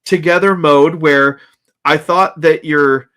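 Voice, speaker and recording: A man's voice: fairly high pitch, fairly even intonation, slow, bright, forceful tone, smooth. A man co-hosting a casual review podcast, sounding wry and dismissive, with hesitant starts. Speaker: podcast co-host reviewing episodes. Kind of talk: casual chat.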